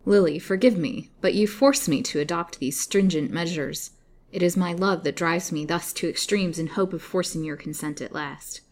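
A woman voicing a cold, insistent young male suitor in a storybook reading, speaking forcefully. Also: sits low, a little fast, natural voice. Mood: pleading. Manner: forceful, imploring then menacing.

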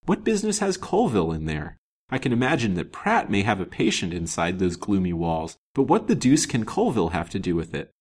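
A man's voice: low-pitched, huge pitch swings, fairly quick, darkish tone, exaggerated voice. A man voicing a courteous, wary detective in a storybook reading, formal and musing in speech.

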